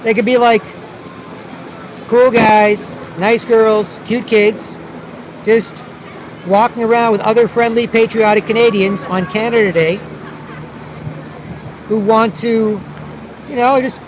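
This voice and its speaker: A man's voice: high voice, steady tone, slow, long pauses, dull audio, slight background noise. A man vlogging outdoors at a city square, talking in a rambling, repetitive way with many restarts. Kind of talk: casual outdoor monologue.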